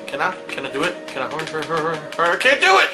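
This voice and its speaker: A man giving loud, excitable and crude commentary while playing video games. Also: a little high, fast talker, over music. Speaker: gameplay commentator. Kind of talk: crude live gameplay commentary.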